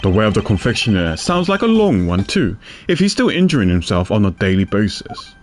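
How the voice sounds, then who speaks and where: A man voicing a calm, dry male investigator, reading game dialogue aloud in an even, matter-of-fact way. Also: on the low side, a little fast, voice pushed down.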